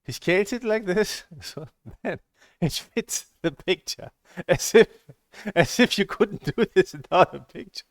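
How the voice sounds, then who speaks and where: A man's voice: high-pitched, expressive, unhurried, no echo, studio quality. Exasperated man ranting over a screen recording. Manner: exasperated, sarcastic, swears, mimics the instructor. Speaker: online course reviewer. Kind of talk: casual screen-recorded rant.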